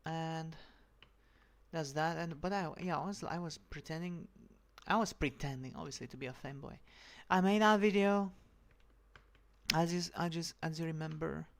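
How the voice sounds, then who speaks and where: A vlogger speaking in a slightly raspy feminine voice with a dry, sore throat, rambling and halting through a casual rant. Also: medium pitch, fairly even intonation. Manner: halting, full of restarts and fillers, profane.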